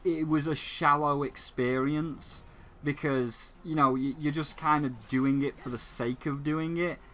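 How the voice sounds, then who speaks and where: Bright-voiced ranting gaming host. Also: male voice, on the high side, a little hiss or hum. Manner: ranting, sarcastic, frequent restarts. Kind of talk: casual gaming commentary.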